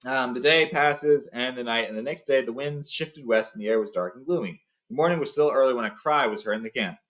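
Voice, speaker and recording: Brief: a relaxed male reader, mid pitch, casual read-aloud storyteller. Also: fairly quick. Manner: loose, with fillers and paraphrasing.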